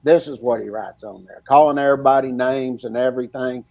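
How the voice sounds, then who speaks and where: A man's voice: mid-range voice, fairly quick, darkish tone. A man co-hosting a podcast, talking casually and ranting indignantly about double standards. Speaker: podcast co-host.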